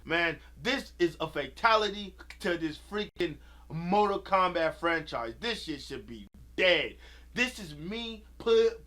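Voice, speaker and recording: A man's voice: sits high, a bit bright. A man giving an angry, profane rant about a movie, repeating himself as he vents. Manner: heated, profane, repetitive ranting. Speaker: video creator.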